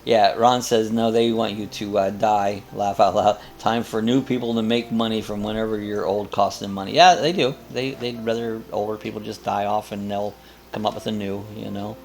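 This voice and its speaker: A man's voice: on the low side, fairly even intonation, moderate pace, creaky, a little mellow, slight background noise. An older man hosting a casual live chat, rambling and chuckling as he reads viewer comments aloud. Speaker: host of a live coffee chat.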